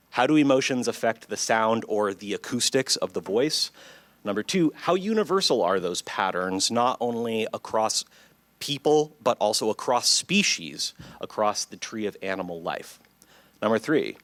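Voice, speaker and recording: Man giving a clear, measured academic talk. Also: lowish voice, a bit bright, dry recording. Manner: clear, measured lecturing that engages the audience. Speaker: psychology professor. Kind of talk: conference presentation. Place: lecture hall.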